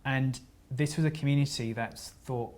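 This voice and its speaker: A man giving a seminar talk, telling stories in an earnest, halting way with frequent restarts and gentle apologies. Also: mid-range voice, steady tone. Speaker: seminar speaker.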